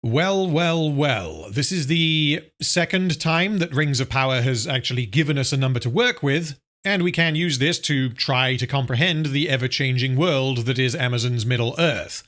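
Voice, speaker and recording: A man's voice: medium pitch, fairly bright tone. A man reading a scripted, sardonic review, scathing and openly profane in his criticism. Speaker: film reviewer.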